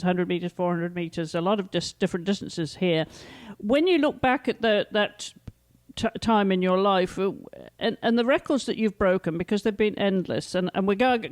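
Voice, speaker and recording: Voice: mid-range voice, no room sound. A podcast host asking loose, meandering questions in an interview, with frequent restarts.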